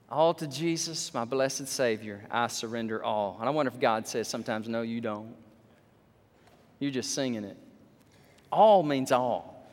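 A male pastor preaching a sermon in church, animated, dropping low and slow, then rising to loud high exclamations. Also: in a large hall. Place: church sanctuary.

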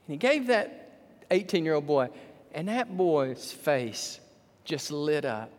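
Animated preacher in a reverberant hall. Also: male voice, fairly high pitch, slow pace. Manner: animated, swinging between loud and hushed. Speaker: pastor. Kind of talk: sermon with storytelling. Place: church sanctuary.

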